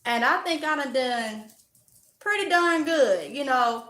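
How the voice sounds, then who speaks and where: Loud bright-voiced Mississippi woman. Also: high voice, lively intonation, slow. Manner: loud, outspoken, chatty. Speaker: vlogger. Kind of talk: casual chat answering viewer comments. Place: at home while organizing. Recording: echoey room.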